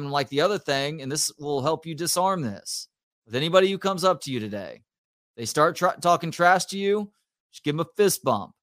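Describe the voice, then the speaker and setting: A man's voice: on the high side, fairly quick, no echo. Dry-voiced man telling family stories. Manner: storytelling, animated retelling of family anecdotes. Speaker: podcast co-host. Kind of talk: casual sports talk.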